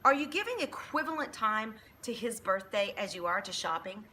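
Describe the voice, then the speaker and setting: Bright-voiced woman giving an emphatic faith talk. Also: medium pitch, moderate pace, slight background noise. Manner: emphatic, preachy, animated storytelling. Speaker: Christian motivational speaker. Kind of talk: faith-based motivational talk.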